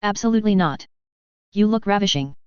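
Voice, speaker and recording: Woman reader doing a courteous, smooth-spoken man fixer, low, dry audiobook sound. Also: fairly quick, dry recording, dull audio, close to an everyday voice. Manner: calm, formal and courteous. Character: polished man fixer, cautious and cultured.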